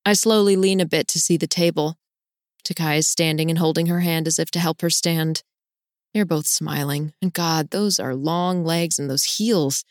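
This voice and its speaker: Expressive woman reading a novel. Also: normal speed, dry recording, clean studio sound. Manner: expressive, with sudden bright leaps in pitch. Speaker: audiobook narrator. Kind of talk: first-person audiobook narration.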